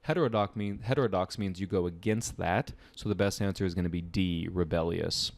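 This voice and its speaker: A man with a somewhat low voice talks through vocabulary questions like a relaxed tutor. He is chatty and full of fillers, and the sound is dry and close, with no room echo. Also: fairly quick. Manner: relaxed, conversational, frequent fillers and asides. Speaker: test-prep tutor. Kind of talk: casual explanatory lesson.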